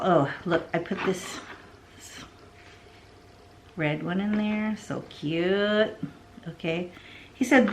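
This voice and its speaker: A middle-aged woman telling a long story in a casual, rambling way while she arranges plants, often dropping into soft asides. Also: mid-range voice, slow pace, pauses often, noisy background. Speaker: succulent vlogger.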